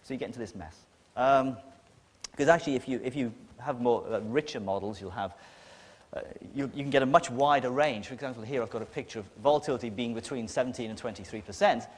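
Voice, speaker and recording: A man's voice: mid-range voice, fast, husky. Sardonic northern English man lecturing. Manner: emphatic, sardonic, blunt. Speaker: conference speaker. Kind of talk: lecture to an audience. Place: lecture hall with an audience. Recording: long reverb of a lecture hall.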